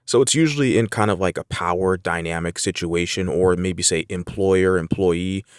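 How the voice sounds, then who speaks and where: Deep-voiced man teaching an English lesson. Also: normal speed, clear, resonant tone, dry recording, studio quality. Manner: relaxed, explains with everyday examples, frequent fillers. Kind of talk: casual spoken lesson.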